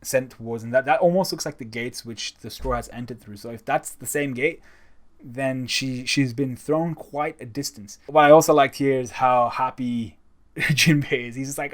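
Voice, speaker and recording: A man's voice: mid-range voice, moderate pace. A man giving a casual, enthusiastic spoken review of a comic chapter, talking conversationally. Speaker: manga reviewer.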